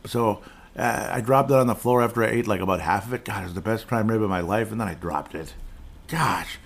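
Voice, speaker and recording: Middle-aged man, podcast host, low voice, casual, rambling, digressive. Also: brisk, slightly rough. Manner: rambling and digressive, chuckling asides. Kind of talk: casual solo podcast monologue.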